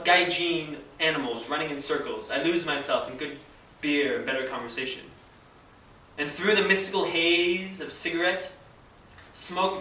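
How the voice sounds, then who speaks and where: Male storyteller, wry and vivid, bright tone, recorded from a distance in an echoey room. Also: a little high, a little hiss or hum. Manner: wry, vivid, laughs at his own story. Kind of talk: live storytelling performance.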